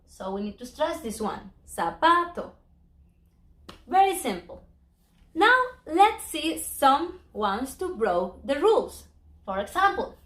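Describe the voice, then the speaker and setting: Slow, lively Spanish teacher woman. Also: high voice. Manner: slow, drawn-out modeling of words, non-native English grammar. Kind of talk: language lesson. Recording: echoey room.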